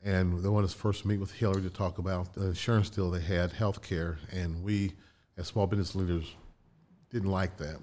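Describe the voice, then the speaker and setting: An older man from Indiana, a guest in a casual interview, tells animated anecdotes with restarts and laughs. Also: low voice, fairly quick. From Indiana, USA.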